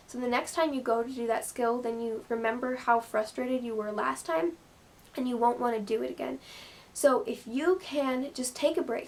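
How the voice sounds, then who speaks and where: A woman with a fairly high voice talks casually to her viewers. She rambles in a friendly, chatty way, filling her sentences with "like" and "you know". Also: a little mellow. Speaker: gymnast vlogger. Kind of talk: casual advice vlog.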